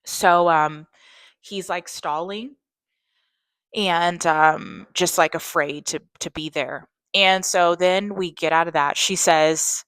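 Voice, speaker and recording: A woman casually recapping a movie she loved, rambling with lots of "like" and restarts, her voice jumping up when she gets excited. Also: fairly low pitch, takes it slowly, clear, resonant tone, dry recording. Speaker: movie reviewer.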